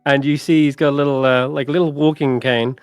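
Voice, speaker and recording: Man, dungeon master, animated narration, dry sound, faint music behind. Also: medium pitch, brisk, clear, resonant tone, no room sound. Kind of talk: narrating a tabletop game.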